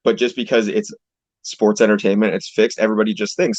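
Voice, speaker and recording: Laid-back young canadian guy rambling on a call, lowish voice, dull lo-fi dry audio. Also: animated, brisk, husky, no room sound. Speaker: guest, pro wrestler. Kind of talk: casual interview chat.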